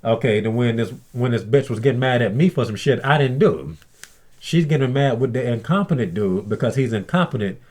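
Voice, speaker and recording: A man's voice: medium pitch, expressive, a little fast, darkish tone. A man telling a story in a blunt, aggrieved casual rant, swearing often and acting out what others said. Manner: acts out others' lines in mimicked voices. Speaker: vlogger. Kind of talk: casual ranting monologue.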